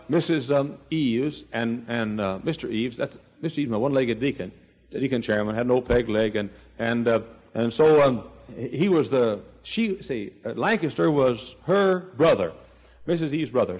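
An older man preaching a sermon, telling stories with emphatic swings between loud and hushed delivery. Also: medium pitch, gravelly, breathy edge, muffled recording. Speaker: pastor.

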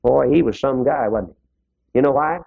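A man's voice: mid-range voice, moderate pace, gravelly. A man preaching a sermon, rising now and then to fervent exclamations. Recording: dull lo-fi recording.

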